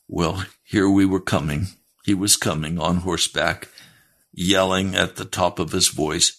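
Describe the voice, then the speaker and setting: Low-voiced preacher telling a story. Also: male voice, level tone, a little slow, a bit bright. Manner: emphatic storytelling with direct challenges. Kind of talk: sermon with a retold first-person story.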